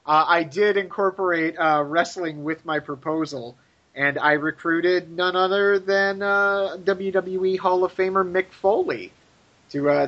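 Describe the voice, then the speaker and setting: Gushy podcast guy, kinda high voice, swears a lot, muffled audio. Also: a bit bright. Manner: effusive, gushing, swears freely. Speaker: podcast co-host. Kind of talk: casual chat.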